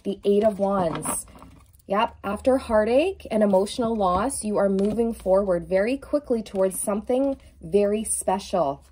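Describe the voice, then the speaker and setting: A woman doing an effusive, emphatic tarot reading, stretching out key words and now and then singing a lyric softly. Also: medium pitch, measured pace, slight background noise. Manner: sings song lyrics softly at times. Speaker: tarot reader.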